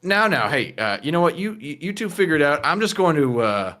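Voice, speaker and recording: A man voicing a laid-back, smooth-talking man who soothes and dodges with hesitant fillers. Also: fairly high pitch, big pitch swings, fairly quick, sharp tone. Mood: evasive.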